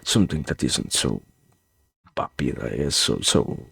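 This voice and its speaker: A man streaming, thinking aloud in a rambling, philosophical monologue, halting with many restarts and self-corrections, in a wry, musing way. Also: extremely low pitch, lively intonation, vocal fry, fairly bright tone, breathy edge, dry recording. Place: home streaming setup.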